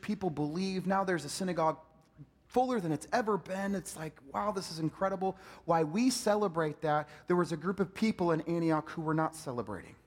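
A man preaching a sermon as pastor, swinging between loud emphatic peaks and soft low asides. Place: church sanctuary. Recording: long hall reverb.

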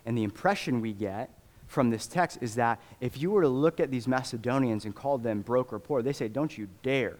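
A male pastor preaches with passion, swinging from hushed, earnest stretches to loud, pleading bursts. His voice sits at an everyday middle pitch. The sound carries a long reverb, as in a church sanctuary. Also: brisk. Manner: impassioned, acts out voices of believers, rising to shouts. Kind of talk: sermon.

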